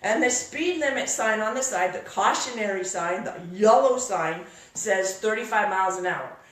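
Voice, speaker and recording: A woman giving a workshop talk to a live audience, telling a story in a lively, exclamatory way. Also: mid-range voice, moderate pace. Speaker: workshop speaker. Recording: echoey room, voice from far off.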